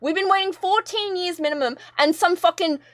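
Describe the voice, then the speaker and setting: A young woman with a very high voice rants to her stream chat, rambling and exasperated, swearing freely. Her voice sits close and dry on the mic, with no room around it. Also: brisk, a bit bright, dry recording. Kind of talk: casual ranting to a live chat.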